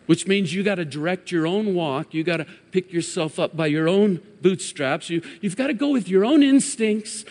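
A man preaching a sermon, his voice sitting a little high for a man. He builds to emphatic, raised peaks and then drops to hushed lines. The sound carries a long reverb from a large hall. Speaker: pastor.

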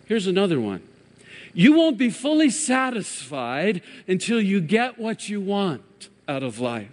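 A man's voice: sits high, sing-song, a little slow. Man preaching with dramatic swells in a reverberant hall. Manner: dramatic preaching with rising emphatic peaks and hushed drops. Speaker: pastor. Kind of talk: sermon.

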